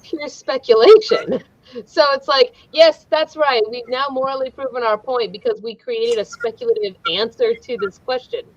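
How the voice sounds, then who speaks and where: A woman's voice: on the high side, moderate pace, dry recording. A woman in casual group chat, arguing and challenging the others. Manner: argumentative, challenging. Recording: dull lo-fi sound.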